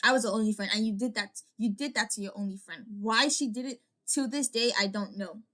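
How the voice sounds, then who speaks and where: A woman's voice: medium pitch, fairly quick, pushed and bright. A young woman vlogger telling a personal story in a casual, rambling way, full of "like" fillers and restarts.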